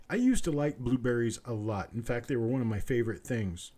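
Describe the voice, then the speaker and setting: A man runs a live auction, chanting the same bid over and over in a mellow, relaxed voice. He drifts into easygoing, folksy chatter between calls, and it all sounds like it comes from his home. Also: medium pitch, fairly quick, few pauses. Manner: repetitive bid-calling chant mixed with folksy banter. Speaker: auctioneer host. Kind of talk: live online auction calling with chatty asides.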